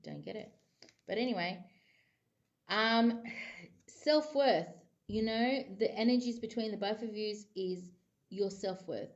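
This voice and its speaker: A woman's voice: mid-range voice, measured pace, long pauses, dull audio. Chatty woman giving a psychic reading. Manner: rambling and chatty, full of "you know". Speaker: psychic tarot reader. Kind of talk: casual tarot reading to camera.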